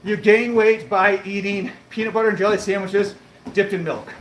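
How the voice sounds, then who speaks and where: A man livestreaming while on a treadmill, chatting casually and answering viewer comments, a bit breathy as he talks between breaths. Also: high-pitched, steady tone, moderate pace, echoey room, slight background noise, poor audio. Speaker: fitness livestreamer.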